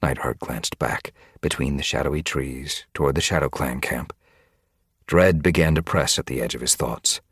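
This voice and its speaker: A man narrating an audiobook with steady storytelling. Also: very deep voice, moderate pace, husky, no room sound, studio quality. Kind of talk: scripted narration.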